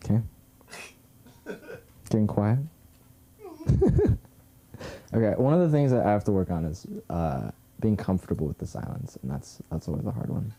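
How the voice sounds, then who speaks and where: A woman's voice: a bass voice, lively intonation, moderate pace, creaky, long pauses, warm tone. A young woman doing an awkward, chatty stand-up comedy set on a club stage. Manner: awkward, chatty, laughs often. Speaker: stand-up comic.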